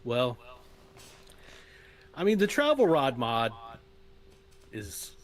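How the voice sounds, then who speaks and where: A man's voice: medium pitch, wildly swooping pitch. Man, podcast co-host, casual chat, dry humor, long rambling riffs, curses freely. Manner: dry joking, drawn-out riffs, swears casually.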